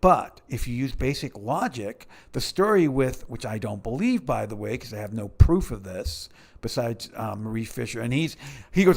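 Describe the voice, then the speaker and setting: A man's voice: medium pitch, animated, moderate pace, gravelly, darkish tone. Male commentator, mid-range voice, sarcastic and rambling delivery. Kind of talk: casual commentary.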